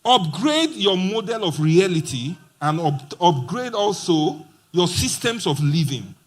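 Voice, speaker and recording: A man's voice: sits high, very animated, measured pace. A man giving a playful motivational talk at a conference, acting out quoted dialogue. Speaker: conference speaker. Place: conference hall.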